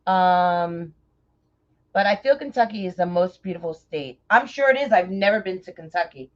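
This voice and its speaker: A middle-aged woman from New York with a New York accent, chatting warmly and effusively with viewers by name while crafting on a livestream. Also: fairly low pitch, expressive, moderate pace. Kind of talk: casual livestream chat while crafting bows. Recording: dull lo-fi livestream audio.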